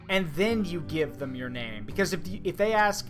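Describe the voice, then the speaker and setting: A man's voice: high voice, expressive, normal speed, fairly bright tone. A man streaming a video game, chatting in a rambling, casual way with lots of asides. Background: guitar music.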